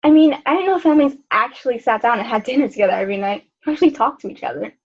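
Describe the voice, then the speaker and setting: Sheltered rich girl, played by a young woman, matter-of-fact, for a school skit; a bit husky, lo-fi recording. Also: on the high side, animated, very fast. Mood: breezy. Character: rich sheltered girl at her first sleepover. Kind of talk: student skit acting. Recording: dull lo-fi school video audio.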